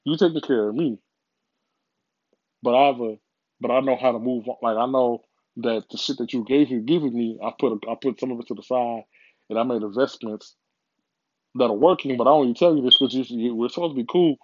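A man's voice: medium pitch, a little fast, dry recording, muffled recording. A man giving a casual, rambling motivational monologue, profane and full of repeats.

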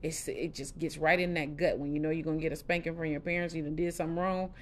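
A middle-aged woman hosting a podcast, telling her personal story candidly in a casual, expressive way with lively quoted asides. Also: low-pitched, fast talker. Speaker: podcast host.

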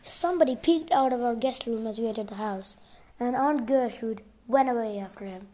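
A woman's voice: fairly high pitch, moderate pace, warm tone, lightly acted. A woman voicing a flustered, stammering mother in a read-aloud story. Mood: alarmed. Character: flustered mother, slim and gentle.

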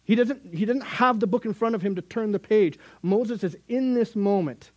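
Hombre predicando con voz aguda y seca. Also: male voice, high voice, normal speed, no room sound, muffled recording. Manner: earnest, conversational preaching with sudden emphatic rises. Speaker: youth Bible teacher. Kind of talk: sermon.

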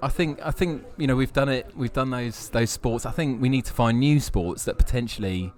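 A man in casual podcast chat, answering with dry, teasing quips and frequent laughs. He chats from a pub at an ordinary pitch. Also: normal speed, darkish tone. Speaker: podcast co-host.

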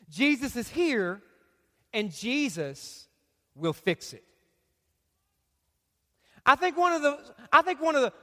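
High-voiced preaching man in a big hall. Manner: emphatic preaching, repeats phrases, rises to shouts. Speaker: pastor. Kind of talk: sermon. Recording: long reverb of a large hall.

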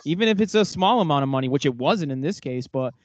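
A man's voice: a little high, animated, fast, dry recording. A man who is a guest on a podcast, chiming in with agreement in casual chat over a lo-fi online connection.

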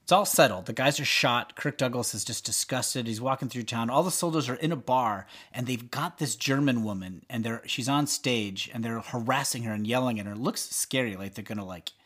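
A man's voice: medium pitch, a little fast, few pauses. Man retelling film endings, acting out lines. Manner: animated storytelling, acts out characters' lines. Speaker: podcast co-host. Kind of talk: casual chat.

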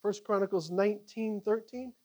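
A man teaching a Bible study to a group, animated and conversational, with frequent halting restarts. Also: high voice.

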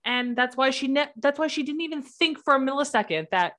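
A woman's voice: high voice, animated, brisk, fairly bright tone. A woman co-hosting a casual podcast chat, blunt and opinionated, swearing freely. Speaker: podcast co-host.

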